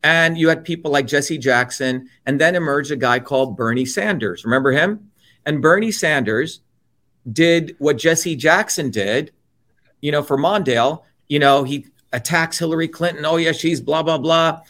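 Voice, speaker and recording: A man's voice: fairly high pitch, moderate pace, a bit bright. Blunt, profane man from India. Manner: blunt and profane, with mocking quoted asides. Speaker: interviewee. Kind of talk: heated political monologue.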